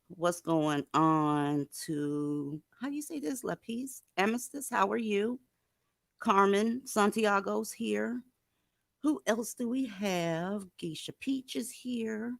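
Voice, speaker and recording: A woman's voice: fairly low pitch, creaky, a bit bright, no echo. Dry, blunt, profane woman streamer. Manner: blunt and profane, heavy with sarcasm. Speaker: livestream host. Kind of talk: casual livestream commentary.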